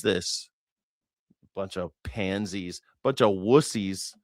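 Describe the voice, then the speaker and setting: A man's voice: expressive, moderate pace, no room sound. Sarcastic guy ranting about the news, voice all over the place, dry close mic. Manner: sarcastic, profane, mocking, swings into falsetto parody. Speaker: host. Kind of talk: mocking political news reaction.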